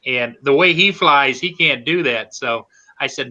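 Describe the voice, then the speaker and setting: A mid-range male voice, unhurried and with the highs cut off, belongs to a drone-pilot co-host. He tells chatty stories in a casual group setting, quoting people with animated flair.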